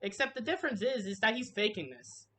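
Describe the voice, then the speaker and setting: A commentary video creator delivers a harsh, heated rant in a fairly high, sing-song, sharp voice, talking fast. She swears freely and keeps restarting her sentences.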